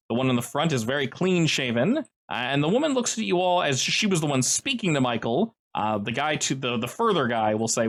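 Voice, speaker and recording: Male game master, lively delivery, chatty rule explanations. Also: fairly high pitch. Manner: lively, explanatory, many fillers. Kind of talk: running a tabletop game over voice chat.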